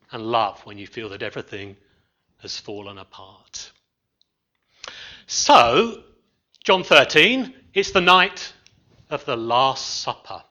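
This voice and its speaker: A man delivering a sermon with a very bright, forceful tone and a lively, rising-and-falling pitch. He preaches expressively, leaning into dramatic pauses and letting phrase ends sink quietly. The recording sounds dull and lo-fi. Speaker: minister.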